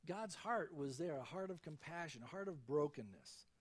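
A man with a high voice delivers a sermon in a relaxed, conversational tone. He preaches as a pastor and slips into the voices of the people he quotes. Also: normal speed, slightly rough.

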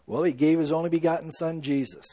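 Male pastor delivering a sermon, earnest and emphatic, fairly high voice, dry close sound. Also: fairly even intonation, fast, dry recording. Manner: earnest, emphatic preaching with swings between loud and hushed.

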